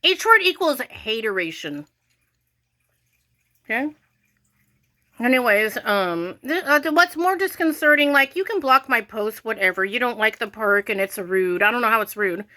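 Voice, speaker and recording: A woman's voice: fairly high pitch, expressive, normal speed, bright, forceful tone. An American woman ranting casually to her viewers, irritated and rambling, with lots of "like" fillers. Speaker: vlogger.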